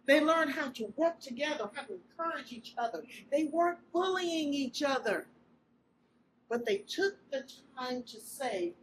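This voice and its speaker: Heard through a distant mic with poor audio and constant background noise, this high-voiced woman keeps a measured pace. Her inspirational speech is an emotional story told expressively to an audience, and she cries out loudly as she voices quoted lines.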